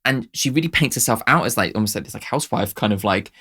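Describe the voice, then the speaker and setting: A man's voice: lowish voice, lively intonation, quick pace, hardly any pauses, bright, forceful tone, husky. A man hosting a music reaction video, talking casually, rambling with lots of "like", laughing often and swearing freely.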